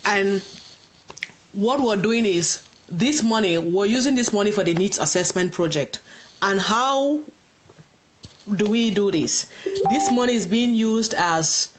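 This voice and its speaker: A woman's voice: medium pitch, lively intonation, a little slow, background noise. A woman hosting a livestream for a community group, explaining things patiently and reading viewer questions aloud. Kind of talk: live Q&A on a Facebook stream.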